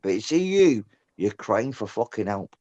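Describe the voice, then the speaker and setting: A man's voice: on the low side, sing-song, normal speed, darkish tone. Guy ranting on voice chat, swears a lot, "lad" "mate" every line, muffled lo-fi sound. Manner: sweary and rambling, ends phrases with "lad" or "mate". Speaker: guest on a voice-chat show. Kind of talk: rowdy casual chat. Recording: dull lo-fi voice-chat audio.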